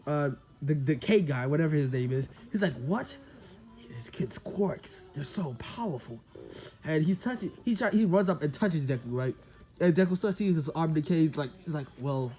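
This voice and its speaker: A man casually telling an imagined fan story, rambling along with lots of "like" and quick quoted lines. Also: a little high, darkish tone.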